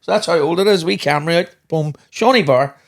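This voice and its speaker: A man's voice: fairly high pitch, a little fast, vocal fry. A man co-hosting a podcast, telling rambling anecdotes in casual chat and swearing freely. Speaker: podcast co-host, father.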